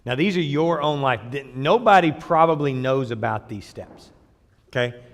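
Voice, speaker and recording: A man preaching a sermon in a blunt, emphatic way, swinging between loud bursts and quiet asides. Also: medium pitch, expressive, normal speed, in a large hall. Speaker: pastor.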